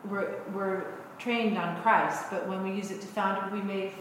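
A woman minister preaching a sermon, telling a story and teaching in an unhurried way. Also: mid-range voice, steady tone, a little hiss or hum. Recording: echoey hall.

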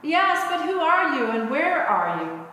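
A woman voicing a terrified man dangling from a cliff, yelling and pleading in a high, strained voice. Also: sing-song, unhurried, heavily acted. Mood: relieved. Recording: echoey hall.

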